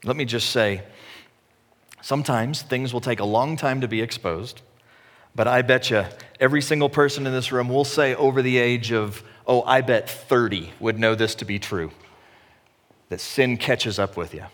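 A man's voice: mid-range voice, normal speed, a bit bright. A man preaching a sermon as a pastor, in a conversational way with self-deprecating humor. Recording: echoey hall.

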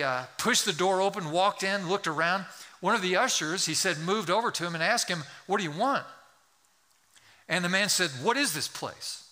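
In a church sanctuary, a male pastor whose voice is fairly high and sharp delivers a sermon to the congregation. His storytelling gradually rises into fervent pleading.

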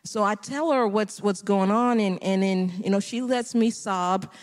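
A woman's voice: medium pitch, unhurried, in a large hall. A middle-aged woman sharing a personal testimony on a church panel, laughing often as she tells it. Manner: laughs often while telling her story. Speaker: panel guest.

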